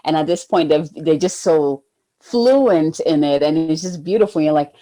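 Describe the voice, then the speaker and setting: A woman's voice: deep voice, normal speed. A woman hosting a podcast interview in a casual way, who agrees often and asks open questions. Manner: warmly affirming, frequent agreeing replies. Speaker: podcast host.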